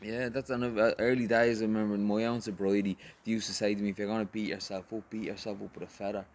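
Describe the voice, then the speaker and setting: Encouraging male podcast host, lowish voice. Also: little pitch movement, fast talker. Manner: encouraging, conversational, gives everyday examples. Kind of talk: casual chat.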